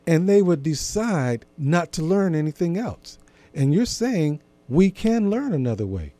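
A man hosting a radio interview, giving warm praise and a formal sign-off. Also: a little high, big pitch swings, unhurried, no echo. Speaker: interview host.

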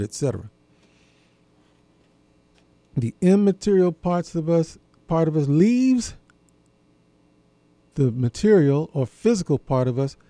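A man hosting a talk program, musing aloud in a deliberate, folksy way and posing questions to his listeners. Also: fairly high pitch, dark tone, no room sound. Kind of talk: reflective monologue.

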